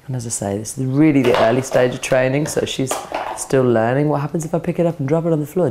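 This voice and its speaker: A woman explains dog scent training in a calm, practical way. She talks like a trainer at work, mixing instructions with quiet praise for the dog. A faint hiss sits under her voice. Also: extremely low pitch, fast talker. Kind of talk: instructional demonstration. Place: indoors, training session with a dog.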